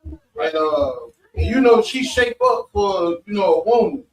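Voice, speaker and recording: A man with a high voice tells stories at a religious meeting in a blunt, profane, conversational way. He is recorded from across an echoey room. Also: animated, measured pace, a little hiss or hum. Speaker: speaker at a religious study meeting. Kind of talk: informal preaching and storytelling. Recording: echoey room, mic far off.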